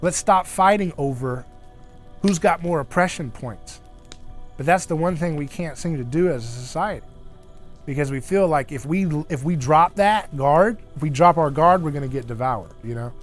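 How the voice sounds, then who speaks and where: A man hosts a casual fireside discussion, his voice pitched a little high. He talks in an animated way, slipping into the voices of the people he quotes. Faint music plays in the background. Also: brisk. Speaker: host. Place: around an outdoor fire.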